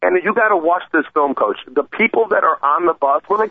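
A man's voice: high voice, brisk, dry recording. Fired-up man on a tinny phone line. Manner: heated, animated storytelling. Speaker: radio show co-host. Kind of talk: sports talk radio chat.

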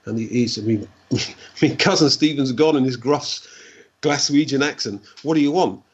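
A man, a guest recounting a personal story in a halting way, repeating words and adding "like, you know". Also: mid-range voice, husky, muffled recording.

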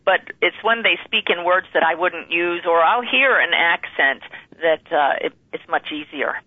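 A guest answers interview questions calmly and with assurance, in a mid-pitched voice. The sound is thin and tinny, like a phone call, and dry. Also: normal speed, no room sound. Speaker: guest medium. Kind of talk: conversational interview.

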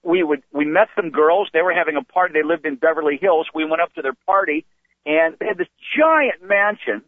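An older male comedian telling rambling, animated anecdotes as a guest, heard over a phone call. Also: on the high side, fairly quick, dry recording. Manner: rambling, animated storytelling with restarts. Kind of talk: anecdotal storytelling. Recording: tinny phone line.

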